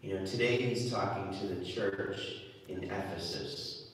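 A man's voice: deep voice, measured pace. A man giving a homily, talking conversationally and often repeating words as he restarts. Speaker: preacher. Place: church. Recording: echoey church from far off.

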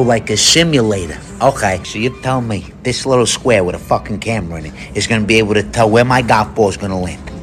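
A man's voice: on the low side, lightly acted. A man doing a blustery golfer. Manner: blustery and profane. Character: brash loudmouth Italian-American man golfing. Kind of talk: comedy sketch.

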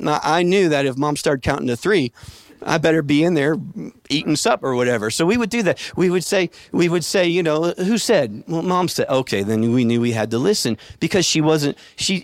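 A man's voice: on the high side, no room sound, studio quality. A man preaching a sermon to a congregation, talking in a conversational way, telling stories and asking the room questions. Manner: conversational, storytelling, asks the congregation. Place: church sanctuary with a congregation.

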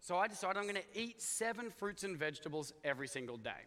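A man's voice: high-pitched, big pitch swings, quick pace, bright, forceful tone. A middle-aged Australian man preaching a chatty, joking sermon, talking to the congregation with lots of asides. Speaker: pastor. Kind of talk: conversational sermon. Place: church hall. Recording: echoey church hall.

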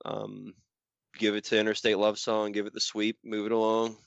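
A man's voice: lowish voice, completely flat delivery, moderate pace, creaky, clear, resonant tone, no echo. Man, podcast co-host, rambling and self-interrupting, dry and slightly dull sound. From American South. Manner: rambling, self-interrupting, laughs while talking. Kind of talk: casual podcast chat.

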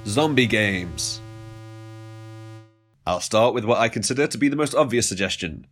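A man hosts his own podcast in a comedic monologue. His voice sits at an ordinary middle pitch. He swings between mock-dramatic outbursts and dry, deadpan asides. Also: fast, faint music behind. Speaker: podcast host.

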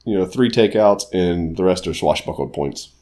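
A man's voice: sits low, moderate pace, warm tone. A man on a casual tabletop game podcast, laid-back and wryly funny. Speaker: podcast co-host.

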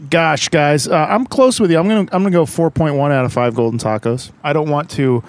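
A male host with a slightly raised pitch, leading a relaxed talk show. He delivers his jokes dry and deadpan, in an easy, unhurried way. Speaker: podcast host. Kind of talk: casual chat.

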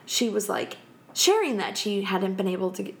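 A thirtysomething woman with a mid-range voice and normal pace tells a story as a guest on a podcast. It's casual and animated, with frequent laughter as she acts out quotes.

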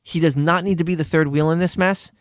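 A man's voice: a little high, fairly even intonation, fairly quick, no echo, studio quality. A man co-hosting a casual wrestling podcast, talking emphatically and repeating his points for stress. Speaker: podcast co-host.

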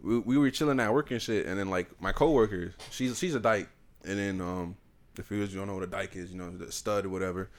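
A man's voice: sits low, a little fast. A man co-hosting a casual podcast, joking and cutting in with teasing remarks. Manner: joking, interjects and teases. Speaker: podcast co-host. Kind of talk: casual banter.

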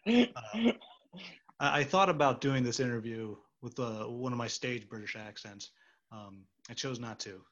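A man's voice: medium pitch, expressive, normal speed, fairly bright tone, dull audio. A man and stage actor hosting a casual interview, rambling and joking. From United States. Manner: chatty, rambling, jokey.

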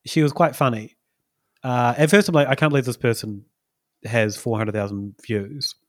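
A man's voice: mid-range voice, steady tone, normal speed, dry recording, clean studio sound. A man, co-hosting a casual podcast chat and telling a rambling story with many fillers. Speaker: podcast co-host.

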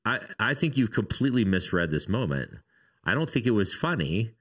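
A man with a low but lively voice banters with his co-host, swinging his pitch up and down as he teases. The tone is a relaxed podcast conversation. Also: a little fast. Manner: teasing, dry banter. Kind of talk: casual chat.

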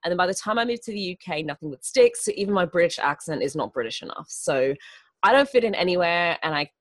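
A woman's voice: fairly low pitch, expressive, fast, dry recording. Bubbly woman with a mixed international accent. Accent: mixed international, partly American and Australian. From Turks and Caicos Islands. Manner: bubbly, laughs often, theatrical. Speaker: guest, event organizer. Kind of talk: casual interview chat.

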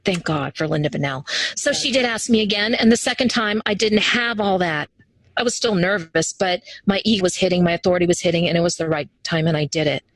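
A woman's voice: fairly low pitch, a little fast, no room sound, poor audio. A woman guest in a casual interview, talking animatedly and acting out quoted voices as she tells her stories. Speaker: interview guest, human design teacher.

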